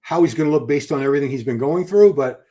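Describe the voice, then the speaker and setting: A man's voice: a little high, quick pace, warm tone. Chatty man hosting a live stream. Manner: chatty, enthusiastic, restarts a lot. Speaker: livestream host. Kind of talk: live commentary reading viewer chat.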